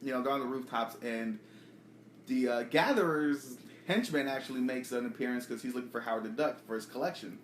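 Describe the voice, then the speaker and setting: A man racing through a casual, profane podcast recap of a comic book. His voice sits at an ordinary pitch. The room around him is echoey, with a faint hiss beneath. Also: a little fast.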